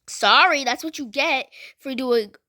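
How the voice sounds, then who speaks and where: A woman's voice: high-pitched, measured pace, sharp tone. A woman voicing a stern male school principal who lectures a student. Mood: scolding. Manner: scolding, lecturing.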